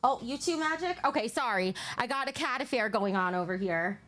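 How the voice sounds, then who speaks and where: High-voiced woman chatting on a livestream. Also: lively intonation, fairly quick, fairly bright tone, slight background noise. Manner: chatty, reads donations aloud, talks to her cats. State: out of breath. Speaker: livestream host. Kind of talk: casual livestream chat. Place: at home.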